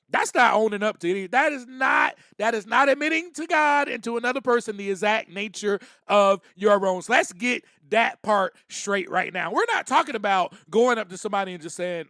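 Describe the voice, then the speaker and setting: A man's voice: high-pitched, animated, normal speed, bright, forceful tone, no room sound, clean studio sound. A man hosting a podcast, giving a personal recovery talk and acting out little quotes, repeating phrases as he goes. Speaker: podcast host.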